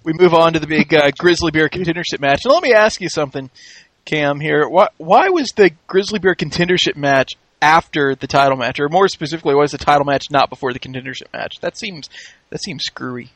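A man's voice: a little high, fairly quick, fairly bright tone, no room sound. A man hosting a casual podcast chat, wry and joking, often laughing. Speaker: podcast host recapping a wrestling show.

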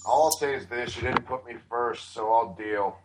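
A man's voice: medium pitch, moderate pace, noisy background. A man co-hosts a podcast in casual chat. He trades wry, grumbling remarks with his friends in an ordinary mid-range voice. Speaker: podcast co-host.

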